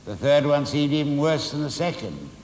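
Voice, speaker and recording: A man reading a memoir aloud with expressive, dramatic storytelling and occasional asides. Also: fairly high pitch, normal speed, a little hiss or hum. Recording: roomy hall reverb.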